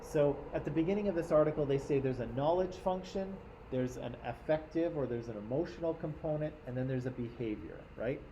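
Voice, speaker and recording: A man's voice: fairly high pitch, fairly quick, few pauses, mellow, a little hiss or hum, rough recording. A man from Canada, teaching a class in a conversational lecture and often checking in with his listeners.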